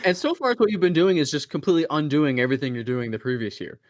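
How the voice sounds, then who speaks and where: A man's voice: fairly high pitch, big pitch swings, quick pace. A man co-hosting a podcast in casual chat, reflective and storytelling. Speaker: podcast co-host.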